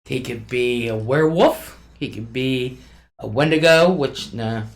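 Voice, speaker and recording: A woman talks slowly and easily on her live stream, taking her time between thoughts. She greets viewers by name, reads their comments aloud and swears freely. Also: rumbling low, vocal fry. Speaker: livestream host. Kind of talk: casual live chat, reading viewer comments. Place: at home at her desk.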